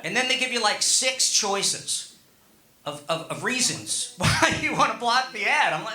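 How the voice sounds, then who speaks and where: A man's voice: sits high, lively intonation, normal speed, pushed and bright. A middle-aged male stand-up comedian on stage, rambling conversationally and teasing the audience. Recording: echoey live room.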